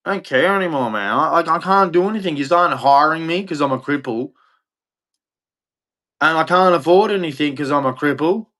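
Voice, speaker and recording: A man with an Australian accent rants to the camera in a bitter, profane monologue. He circles back over the same complaints and curses freely. His voice sits a little higher than most men's. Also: a little fast, fairly bright tone. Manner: bitter, profane, repeats himself. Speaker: vlogger. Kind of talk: angry ranting monologue.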